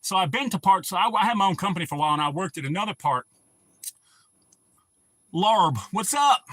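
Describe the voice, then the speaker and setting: Bright-voiced guy, profane. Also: high voice, expressive, racing, no room sound. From North Carolina. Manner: profane rambling storyteller who laughs at his own jokes. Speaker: livestream host. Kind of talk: casual livestream chat.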